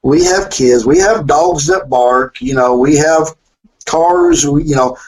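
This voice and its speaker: A man calling in as a guest, a wrestler and promoter, telling stories in a lively, laughing way. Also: on the high side, takes it slowly, poor audio. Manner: storytelling, lively, laughs often. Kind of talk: phone-in chat.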